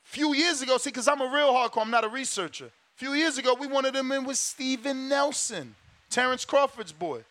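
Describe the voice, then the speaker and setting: A man's voice: very high-pitched, moderate pace, pushed and bright, dry recording. A man hosting a boxing talk show, ranting in a casual, emphatic way, swearing and repeating his points. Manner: emphatic, profane, repeats himself.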